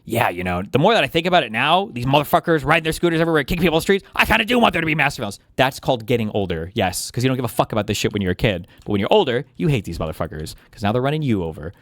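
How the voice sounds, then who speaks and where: A man reacting on a live stream, ranting in profane, animated asides. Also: mid-range voice, rapid-fire, few pauses, dry recording, clean studio sound. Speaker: streamer reacting to a podcast clip.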